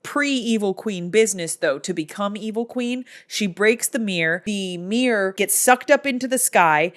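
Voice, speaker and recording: Animated woman recapping a film. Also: mid-range voice, moderate pace. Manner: animated storytelling that acts out characters. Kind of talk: casual movie recap.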